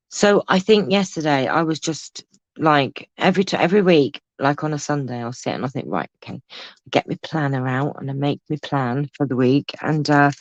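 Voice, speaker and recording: A woman's voice: low-pitched, no echo, muffled recording. Chatty woman hosting a craft livestream. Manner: chatty, reads out viewer comments, teasing asides. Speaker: craft host. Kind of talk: casual livestream craft tutorial. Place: home craft room.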